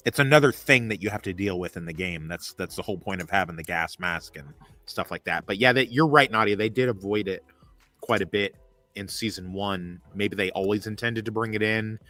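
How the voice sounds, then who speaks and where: A man's voice: lowish voice, a little fast, sharp tone, dry recording, faint music behind. A man on a casual live discussion panel, joking and easygoing. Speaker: panel guest.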